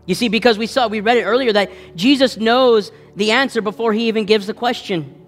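A man's voice: sits high, a little fast, a bit bright, in a large hall, faint music behind. A man preaching a sermon with passion and lots of repetition, acting out the voices he quotes. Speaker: pastor.

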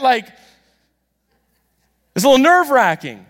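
A man preaching a sermon, telling a story with animated, self-deprecating humor and acting out the dialogue himself. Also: sits high, normal speed. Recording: long reverb of a large hall.

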